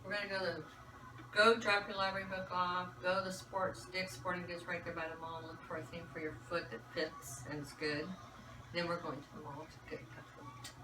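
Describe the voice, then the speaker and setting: A woman talking casually off to the side, listing the day's plans in a flat way. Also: lowish voice, normal speed. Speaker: friend. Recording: distant, echoey room with background noise.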